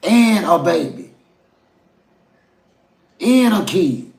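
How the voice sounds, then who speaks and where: A man's voice: high voice, expressive, very slow, gravelly, darkish tone, roomy sound. A man from the American South with a Southern accent, giving a folksy, preachy opinion rant and talking straight to his viewers. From Southern United States. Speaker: commentary vlogger.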